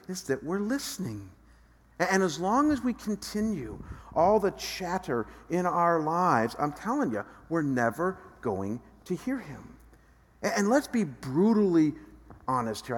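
A male pastor delivers a sermon in a slightly high voice, and the sound rings with long reverb through a large church hall. He drops low and slow for quiet reflection, then climbs loud and animated as he acts out the voices of others.

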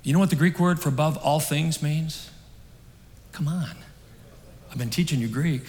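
A man preaching a sermon on a stage, telling a story in an earnest, conversational way that swings between emphatic and hushed. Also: on the high side, moderate pace, long pauses. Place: stage in a large hall. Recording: long hall reverb.

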